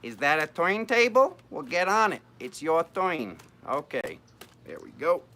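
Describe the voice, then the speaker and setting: A man's voice: a little high, very animated, unhurried, sharp tone. A man hosting a live-streamed tarot reading, chatting playfully and joking with his viewers as he works through the cards.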